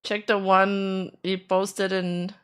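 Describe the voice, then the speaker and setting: Soft background music plays as a young female streamer reacts to clips sent by viewers, talking with them casually, teasing them bluntly and laughing a lot. She speaks slowly in a smooth, mid-range voice with little pitch movement.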